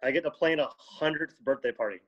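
Chuckling chef guest, slightly high voice. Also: male voice, fast talker, lo-fi sound. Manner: relaxed, chuckles between remarks. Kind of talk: casual chat.

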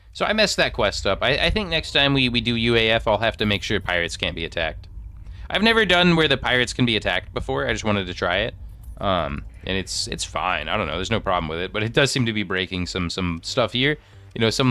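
A man's voice: lowish voice, pushed and bright. A young man streaming a video game, thinking aloud and rambling through menus in casual commentary into a desk microphone.

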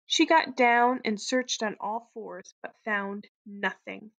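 A woman teacher reading a story aloud to students at a steady, clear pace. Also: mid-range voice, takes it slowly, dull audio. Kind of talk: read-aloud story narration.

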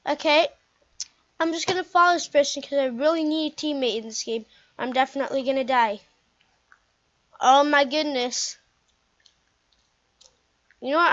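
Young woman, high voice, excitable game commentary, dull lo-fi mic. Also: moderate pace, pauses often. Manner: excitable, chatty, exclaiming. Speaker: gameplay commentator.

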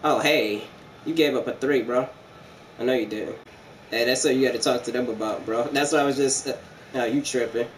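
A man's voice: medium pitch, fairly quick, rough recording. A man trash-talking his teammates and opponents in a casual, profane way while playing an online basketball game. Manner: profane, mocking trash talk. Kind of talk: casual gaming commentary with trash talk. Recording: loud background noise.

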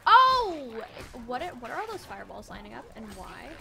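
A woman's voice: a little high, wildly swooping pitch, normal speed, gravelly. A young woman giving casual let's-play commentary, chatting, swearing and talking to the game characters as she plays. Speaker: gaming video creator. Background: game music.

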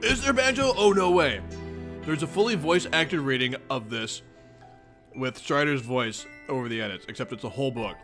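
Man reading aloud, excitable and giggly, lively bright voice, quiet music underneath. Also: mid-range voice, moderate pace. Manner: giggly, excitable, talks to chat. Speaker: streamer reading a webcomic aloud. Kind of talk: casual read-along commentary.

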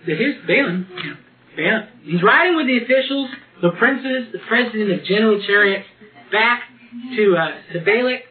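A man with a high-pitched, animated voice preaches a sermon and reads from the Bible at a moderate pace. He talks conversationally, laughing often and restarting sentences. The recording is tinny and lo-fi with faint hiss.

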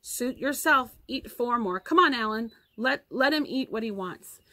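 A woman reading from a chapter book, voicing a sensible boy who explains things in a plain, matter-of-fact way. The voice stays fairly high. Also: expressive, a little slow, pushed and bright, no echo.

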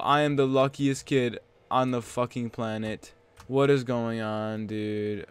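A young man commentating his own game, excitable and swearing, with bursts of loud disbelief, on a headset mic at his computer. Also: medium pitch, slow, clear, resonant tone, no echo. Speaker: gaming channel host. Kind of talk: Let's Play commentary.

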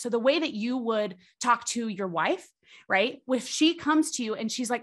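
A woman's voice: a little high, lively intonation, moderate pace. A woman, a podcast guest, explaining with animation and tagging her points with "right?". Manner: acts out quoted voices. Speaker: podcast guest, charisma coach. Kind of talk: explanatory interview talk.

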